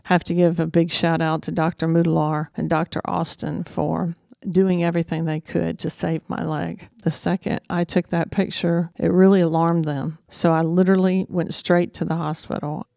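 A woman's voice: fairly low pitch, flat delivery, moderate pace, vocal fry, darkish tone, dry recording, studio quality. A woman, hosting and telling a personal story in a candid, emotional, conversational way. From Georgia, USA. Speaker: host.

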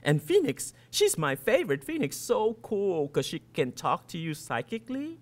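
A man's voice: sits high, huge pitch swings, normal speed. Man in his fifties reading a story. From Vietnam. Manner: first-person storytelling in a boy's voice. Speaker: author. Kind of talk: reading fiction aloud.

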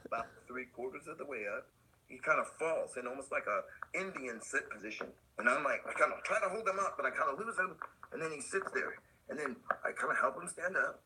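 A man guesting on a skate podcast, telling a story in animated, slangy casual talk and acting out the other people's voices. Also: a little fast, a little hiss or hum, poor audio. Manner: acts out quoted voices, swinging high and low; laid-back slangy talk with laughs.

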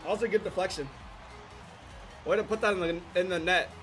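A man's voice: high-pitched, a little fast, over music. Slangy young man reacting to clips. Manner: laid-back, slangy, amused exclamations. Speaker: reaction video host. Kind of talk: casual reaction commentary.

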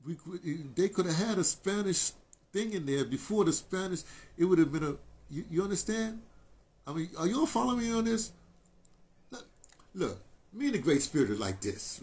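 With a fairly high-pitched voice, an older radio artist works through a lengthy personal tale, emotional and animated, often restarting and wandering into asides.

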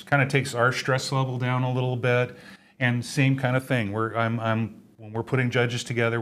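An older man speaking as a guest on a live video chat, in an easygoing, unhurried and agreeable way. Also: medium pitch, fairly bright tone. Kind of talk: casual livestream chat.

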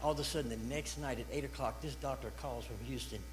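A man, an evangelist telling his testimony in a church revival sermon, building from storytelling to shouted praise. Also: medium pitch, steady tone, fast talker, a little hiss or hum, rough recording.

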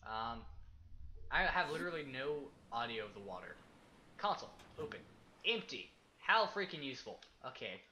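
A young man casually commenting as he plays a survival game, chatty and excitable, talking to himself and the objects in it. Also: mid-range voice, moderate pace, pauses often, a little hiss or hum. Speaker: gaming YouTuber. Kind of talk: casual let's-play commentary.

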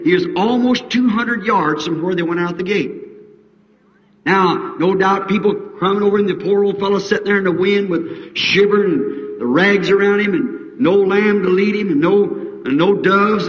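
A man's voice: high-pitched, a bit bright. Fervent preacher man in a distant hall. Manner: fervent, acts out characters in raised voice. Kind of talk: revival sermon storytelling. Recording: old distant hall recording, muffled.

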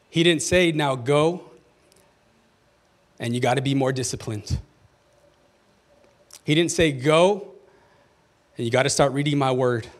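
A male pastor preaching a sermon in church, reading scripture and calling out to the congregation with rising emphasis. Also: fairly high pitch. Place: church sanctuary.

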